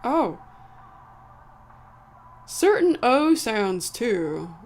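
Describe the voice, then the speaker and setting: A woman's voice: fairly high pitch, sing-song, drawn-out words, a little hiss or hum. A woman with a slight American country accent, chatting casually to a live-stream audience, rambling and correcting herself as she goes. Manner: rambling, self-correcting, chuckling. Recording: faint background music.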